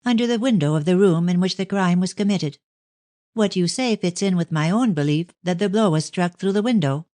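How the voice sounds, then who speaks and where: A woman's voice: lowish voice, fairly quick, dark tone, voice pushed up, lightly acted. A woman playing an anxious young woman. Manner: urgent, pleading questions.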